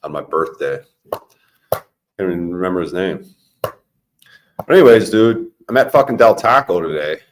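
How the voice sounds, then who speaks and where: Deep-voiced man, casual co-host, loose and profane, rambles. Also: animated, normal speed, long pauses, slight background noise. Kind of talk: casual chat.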